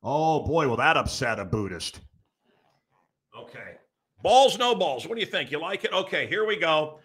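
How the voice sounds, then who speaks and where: A middle-aged American man hosts a radio show, rambling through a comic monologue, teasing his producer and building up a bit. His voice sits fairly high and sounds expressive, pushed, bright and husky, at a moderate pace.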